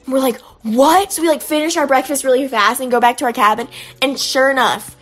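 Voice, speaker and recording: A woman's voice: high voice, fairly even intonation, fast, fairly bright tone. Chatty young woman telling a story. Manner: chatty, with frequent "like" fillers. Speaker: guest storyteller. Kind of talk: casual storytelling.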